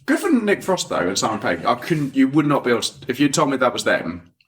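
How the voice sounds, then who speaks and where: A man's voice: medium pitch, huge pitch swings, fast talker, fairly bright tone. A man co-hosting a casual film review podcast, teasing and laughing often. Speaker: podcast co-host.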